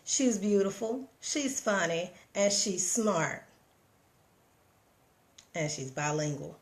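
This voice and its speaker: A middle-aged woman on a live stream talks slowly into her phone in a fairly low voice with lively intonation. She speaks directly to her viewers in a casual motivational way, preachy, emphatic, and repetitive.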